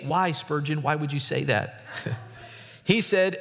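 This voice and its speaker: Animated male preacher in a reverberant hall. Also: unhurried. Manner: animated preaching, swinging between soft asides and sudden high emphasis. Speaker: pastor. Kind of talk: sermon.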